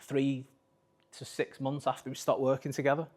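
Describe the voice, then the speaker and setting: A man's voice: medium pitch, monotone, moderate pace. A man coaching at a live talk, speaking bluntly and swearing freely while he acts out conversations. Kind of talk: live presentation to an audience. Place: talk venue with a screen.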